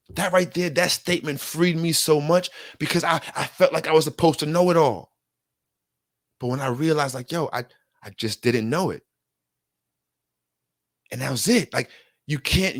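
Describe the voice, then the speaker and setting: A man's voice: medium pitch, no room sound, clean studio sound. A man giving an earnest motivational self-help talk straight to the listener, in casual slang, often repeating himself and getting worked up. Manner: earnest, repetitive, gets worked up.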